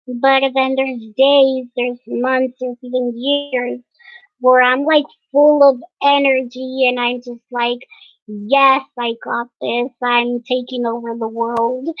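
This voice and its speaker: A young woman vlogging casually to camera, hesitant and pausing often with fillers. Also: fairly high pitch, no echo. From United States. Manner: hesitant, many fillers and pauses. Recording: dry, dull lo-fi sound.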